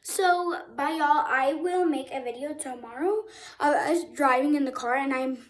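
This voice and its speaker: A woman's voice: sits high, normal speed, poor audio. A young girl rambling casually to her viewers in a chatty vlog, often calling them "y'all". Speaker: vlogger.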